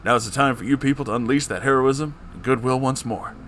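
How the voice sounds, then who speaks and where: A man's voice: mid-range voice, fast, a bit bright, a little hiss or hum, close to an everyday voice. A man doing a self-admittedly bad impression of a president, delivering a rousing speech in a comedic story reading.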